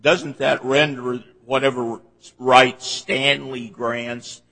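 Gravelly judge in an echoing courtroom. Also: male voice, medium pitch, level tone, slow pace, a bit bright. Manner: pointed, probing questions. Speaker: presiding appellate judge. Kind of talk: courtroom oral argument questioning. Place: large courtroom.

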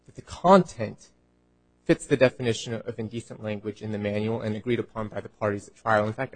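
A man arguing as a government attorney before an appellate court, measured and formal. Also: medium pitch, poor audio. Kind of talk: formal courtroom oral argument.

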